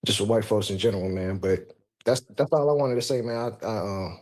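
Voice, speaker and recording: A man calling in to a show, talking casually in a halting, stammering way. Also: on the low side, darkish tone. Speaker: caller. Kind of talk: casual talk.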